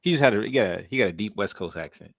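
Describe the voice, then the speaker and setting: Male podcast host, low voice with a lively, swinging pitch; casual and rambling, dry close sound. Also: fast talker, creaky, no room sound. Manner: animated, laughing, rambling with restarts. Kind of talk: casual chat.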